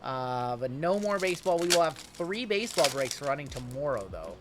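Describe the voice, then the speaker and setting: Chatty card break host, a bit high. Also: male voice, very animated, normal speed, heavy background noise. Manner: chatty, answers viewer questions while opening packs. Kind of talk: casual livestream chat.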